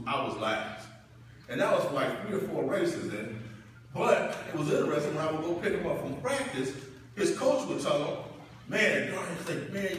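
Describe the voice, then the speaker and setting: Preacherly man speaking in an echoey hall. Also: a little hiss or hum. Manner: preacherly, swells loud and high when building up. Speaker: parent giving a graduation speech. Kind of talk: commencement speech with personal stories. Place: large hall or church. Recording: echoey hall, distant mic.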